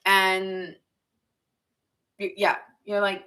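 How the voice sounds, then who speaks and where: A woman's voice: medium pitch, normal speed, bright, forceful tone. A woman giving a casual live tarot reading, chatty and laughing often as she acts out what people think. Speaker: tarot reader.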